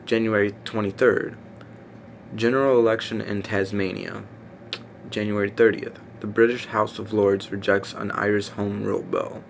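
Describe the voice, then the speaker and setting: A man reading a list aloud in a casual, halting way, stumbling over names with fillers and self-corrections. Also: on the low side, flat delivery, gravelly. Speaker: reader. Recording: faint background noise.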